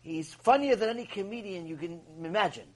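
A man, a rabbi, giving a Torah ethics lecture as an animated story, using Hebrew terms along the way. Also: high-pitched, a little fast.

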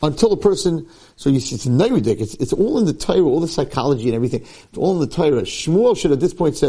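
Man, rabbi, Torah class, fairly high voice, warm mellow tone, acts out quoted dialogue. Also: big pitch swings, quick pace, husky. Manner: acts out quoted dialogue with sudden jumps in pitch; peppers his talk with Hebrew and Yiddish terms. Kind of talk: animated Torah lecture.

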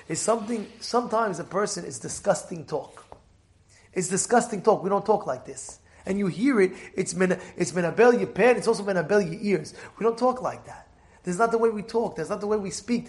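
Male Torah teacher with a high voice, animated and laughing, repeats himself a lot, casual class. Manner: animated storyteller, repeats words, laughs often.

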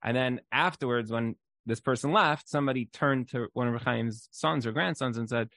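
Man, Torah teacher, conversational storytelling, casual class, mid-pitched, dry room. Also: normal speed, creaky, a bit bright, no room sound. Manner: conversational storytelling with frequent "like" fillers.

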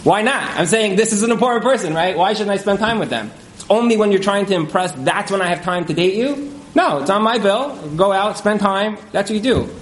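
Man, marriage counselor, casual interview talk, high voice, lots of "like" fillers, echoey room. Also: fairly quick. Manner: animated, many fillers, acts out quoted couples.

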